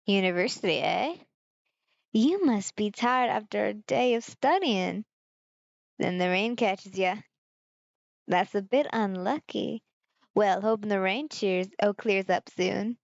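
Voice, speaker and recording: A woman's voice: medium pitch, slow pace, creaky, no room sound, lo-fi sound. A woman reading the lines of a friendly young man at a bar in a visual novel game, giving him a country accent. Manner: says she gives him a country accent.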